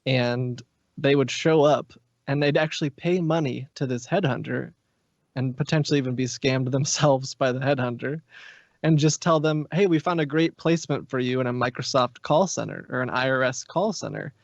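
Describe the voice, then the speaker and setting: A man's voice: mid-range voice, moderate pace, no echo, muffled recording. A man, a podcast guest, explaining things at length in long, rambling stories during a casual chat.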